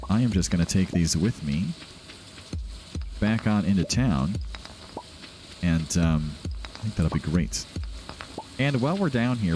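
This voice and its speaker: A man's voice: deep voice, a little mellow. A man hosting a casual, rambling video game playthrough, chatting and laughing often as he plays at home. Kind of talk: casual gameplay commentary.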